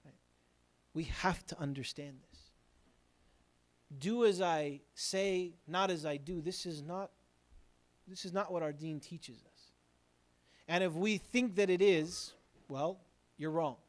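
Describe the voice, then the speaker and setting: High-voiced imam preaching a sermon. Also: male voice, slow pace, long pauses. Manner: earnest, builds emphasis then drops to quiet asides.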